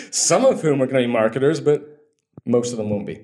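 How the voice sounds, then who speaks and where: A man in an echoey room, talking as an interview guest in casual chat. His pitch sits in the middle and he speaks bluntly, tossing in jokes and swear words. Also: expressive, moderate pace, a little mellow. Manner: blunt, joking, swears freely. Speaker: guest, conversion optimization expert.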